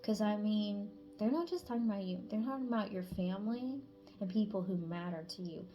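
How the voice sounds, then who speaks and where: A woman tarot reader giving a channeled spiritual reading in a blunt, casual way, swearing freely and sometimes dropping to a hush. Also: mid-range voice, brisk, dull audio, soft background music.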